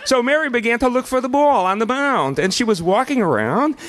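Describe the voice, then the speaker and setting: A man telling a story live on a festival stage, animated and acting out children's shouts. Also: very high voice, fairly quick.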